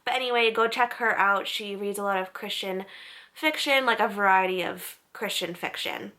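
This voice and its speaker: A woman's voice: mid-range voice, normal speed, pushed and bright. A young woman casually talking through book channels she recommends, in a chatty, upbeat way. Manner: chatty, upbeat, unsure of name pronunciations. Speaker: book vlogger.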